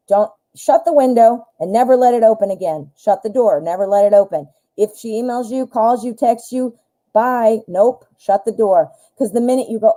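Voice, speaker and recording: Dark-toned woman hosting live tarot. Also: medium pitch, lively intonation, moderate pace, low-quality recording. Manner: emphatic, scolding, protective, swears when heated. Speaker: tarot reader host. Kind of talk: live-stream advice chat.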